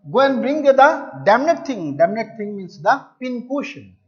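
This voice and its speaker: High-voiced man teaching a story lesson. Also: lively intonation, unhurried. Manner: repeats and restates words to explain them; addresses listeners as dear children. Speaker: English teacher. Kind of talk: classroom story explanation. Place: home or classroom video lesson. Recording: dull lo-fi recording.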